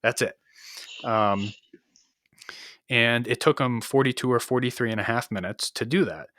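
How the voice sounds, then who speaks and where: A man's voice: medium pitch, normal speed, a bit bright, no echo. Dry, close-miked man telling a story. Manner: loose and profane, acts out quoted dialogue, frequent fillers. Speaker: podcast co-host, Army NCO. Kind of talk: casual conversational storytelling.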